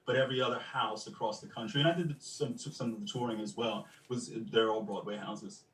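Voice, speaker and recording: A man speaks as a guest on a podcast, telling lively stories from his years as a stage performer and acting out the quotes and the music. His voice sits at an ordinary pitch and comes through echoey, from some distance off the microphone. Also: fairly quick. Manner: animated storyteller, acts out quotes and hums rhythms. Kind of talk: casual interview storytelling.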